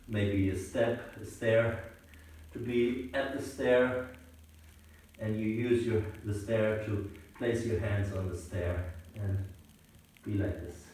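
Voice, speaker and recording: Slow, calm man teaching yoga from afar. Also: lowish voice. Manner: calm, slow guiding instructions. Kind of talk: instructional yoga class. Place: on a sailboat. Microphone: camera mic at a distance. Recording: roomy distant camera audio.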